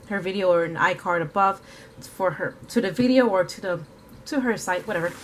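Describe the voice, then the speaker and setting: Woman, art vlogger, casual rambling chat, self-correcting, faint background noise. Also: fairly high pitch. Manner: chatty, scattered, many fillers and self-corrections; talks while eating at times.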